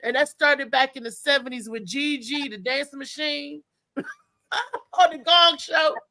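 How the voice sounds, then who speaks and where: High gravelly woman host. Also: measured pace, no room sound. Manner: animated, laughs often. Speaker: show host. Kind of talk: casual live show chat.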